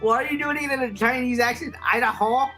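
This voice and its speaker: A woman co-hosting a casual podcast talk show, quick to laugh and tease. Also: on the high side, bright, forceful tone, faint music behind. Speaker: podcast co-host.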